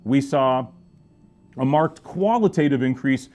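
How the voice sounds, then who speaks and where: A middle-aged man giving a casual wine review, animated and joking, with sudden loud exclamations. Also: measured pace. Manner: animated, joking, exclaims loudly, swings pitch and volume. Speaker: wine shop presenter.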